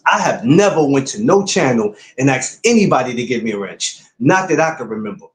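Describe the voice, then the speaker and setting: Fairly quick and sing-song, his mid-range voice echoes around the room as he hosts his podcast livestream. He talks to viewers casually and bluntly, repeating points in lecture fashion.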